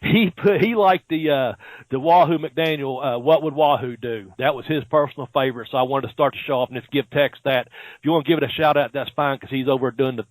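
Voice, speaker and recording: A man's voice: medium pitch, fairly quick, no echo, poor audio. Rambling man, dry close sound. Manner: rambling, lots of fillers and restarts, laughs easily. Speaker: podcast host. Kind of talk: casual chat.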